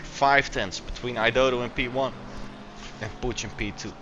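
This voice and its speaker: A man who is not a native English speaker, giving loose, excitable live commentary on a sim race and stumbling over his words, with a faint racing sound behind him. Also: medium pitch, moderate pace, noisy background.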